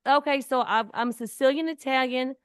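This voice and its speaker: Woman in her 40s, earnest and emphatic, a bit high pitched, dry close sound. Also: steady tone, normal speed, clean tone, no echo. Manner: earnest, emphatic, repeats words. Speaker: community speaker. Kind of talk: casual heartfelt conversation.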